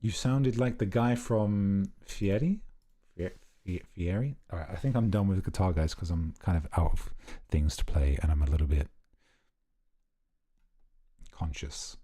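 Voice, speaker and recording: A man's voice: low voice, unhurried, mellow, slightly rough. A young man chatting casually and rambling playfully on a live stream, very close to the microphone.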